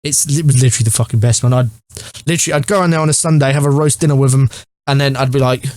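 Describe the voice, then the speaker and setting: A man's voice: medium pitch, steady tone, racing, darkish tone, no echo. An English man in his twenties, a gaming YouTuber telling his life story to camera in a rambling, joking way, swearing constantly. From England. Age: 20s.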